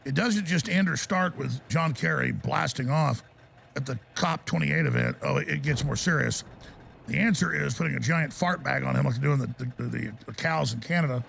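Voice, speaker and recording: Male talk radio host, gravelly and high-pitched, bombastic ranting delivery, music under the voice. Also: moderate pace, fairly bright tone, a little hiss or hum.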